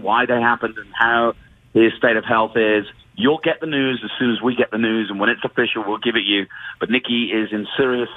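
A man's voice: fairly low pitch, no echo. Man on a tinny phone line. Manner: earnest, halting, many restarts. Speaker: motorsport show contributor calling in. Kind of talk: casual radio talk. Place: event venue in the field.

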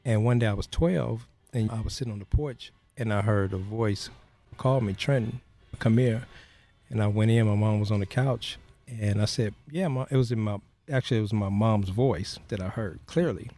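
Speaking at a moderate pace, a low-voiced, mellow man guests on a podcast and narrates his life in a storytelling interview. He's earnest and plain-spoken, often imitating the people who appear in his account.

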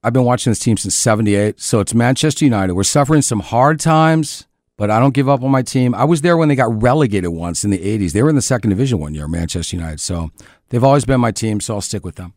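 A man's voice: medium pitch, expressive, quick pace, darkish tone, no room sound. A middle-aged man, a former soccer player, telling jokey stories as a guest in a casual podcast chat. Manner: jokey storyteller with a dry, easygoing delivery.

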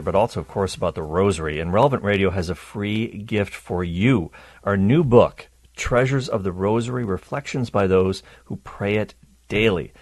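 Radio talk show host, upbeat announcer vibe, lowish voice, dry studio mic, faint music behind. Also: male voice, breathy edge. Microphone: studio microphone.

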